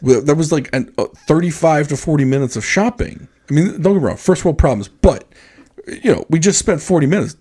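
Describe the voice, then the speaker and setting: A male podcast co-host tells a story in casual conversation, animatedly acting out the quoted voices of other people. His voice runs on the high side, with a breathy edge and a slightly fast pace.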